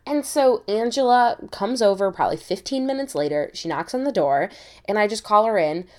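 Young American woman, podcast host, casual animated storytelling, mid-range voice. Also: mid-range voice. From United States. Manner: animated, quick restarts.

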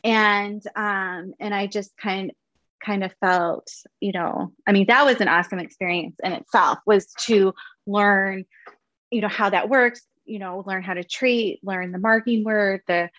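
A woman's voice: medium pitch, steady tone, a little slow, fairly bright tone, no echo, muffled recording. A woman guest talking casually about her dogs, chatty with plenty of fillers. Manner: chatty, laughs often, many fillers. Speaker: guest, dog owner. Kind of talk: casual interview chat.

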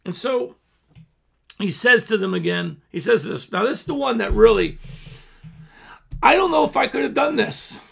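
A man's voice: very high-pitched, lively intonation, normal speed, gravelly, long pauses, a bit bright, husky. A man hosting a Bible teaching show, reading scripture aloud and explaining it in a loose, conversational way with frequent restarts.

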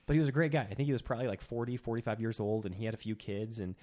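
A young man co-hosting a casual chat, telling stories in an animated way with many restarts. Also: on the low side, racing. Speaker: podcast co-host.

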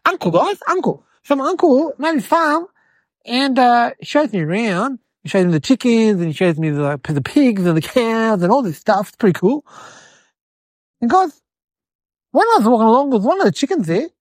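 A woman voicing an eight-year-old city boy, telling a rambling comedic story in a whiny, excitable way. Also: a little high, moderate pace, no room sound. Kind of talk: comedic character monologue.

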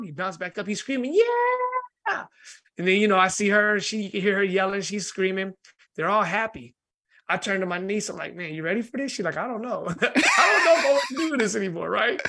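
A man, a podcast guest telling a lively story, laughing often and acting out the people in it. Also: high-pitched, breathy edge. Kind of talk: animated storytelling in conversation.

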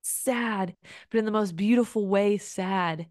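A young woman speaks on her own podcast in a mid-pitched voice, earnest and emotive. She rambles warmly through her thoughts, leaning on "like" as she goes. The sound is close and dry, with no room around it. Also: measured pace, no room sound. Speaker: podcast host. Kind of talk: solo podcast monologue.

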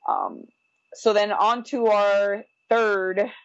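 A young adult woman telling a personal story in casual, animated talk, acting out the people she quotes. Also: medium pitch, very slow, no echo, lo-fi sound. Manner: animated, acts out quoted voices, frequent "like". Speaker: guest telling her birth story.

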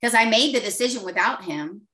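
A woman's voice: fairly high pitch, animated, fairly quick, bright, forceful tone, far from the mic. A woman telling her coaching client story in an interview, open and emotional. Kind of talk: testimonial interview.

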